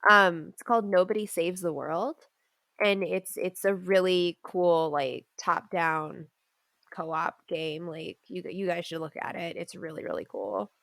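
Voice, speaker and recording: A woman's voice: on the low side, steady tone, unhurried, gravelly, fairly bright tone, no room sound. A married woman co-hosting a casual podcast chat, candid and self-deprecating. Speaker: podcast co-host.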